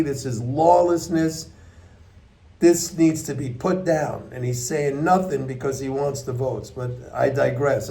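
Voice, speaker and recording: A man's voice: mid-range voice, gravelly, warm tone. A man giving blunt, emphatic, unscripted market commentary to his viewers, often repeating points for stress. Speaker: economics commentator.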